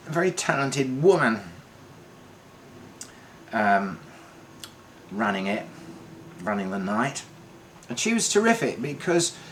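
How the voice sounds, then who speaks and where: An older man telling a rambling one-man comedy monologue on stage, halting and restarting often. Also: fairly high pitch, a bit bright, a little hiss or hum. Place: theatre stage.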